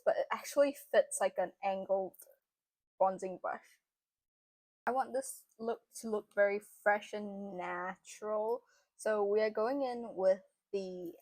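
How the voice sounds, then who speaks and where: A woman's voice: mid-range voice, darkish tone, dry recording. A young woman narrating a makeup tutorial in a chatty, casual way, with lots of fillers. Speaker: beauty vlogger.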